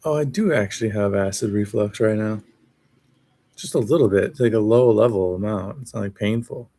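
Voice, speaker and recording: On a solo live stream, a man with a lowish, warm voice talks at a moderate pace with no room sound. He rambles casually in a sardonic, self-mocking way, reacting to whatever he's reading.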